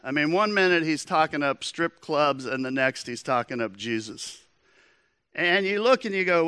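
A man's voice: fairly high pitch, expressive, moderate pace, sharp tone, clear, resonant tone, no room sound, studio quality. A man preaching a sermon as pastor, in a conversational storytelling manner.

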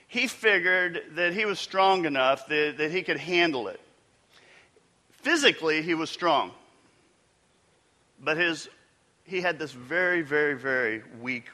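Man, pastor, relaxed sermon, clear bright tone, slightly high voice. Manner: conversational, engages congregation with questions.

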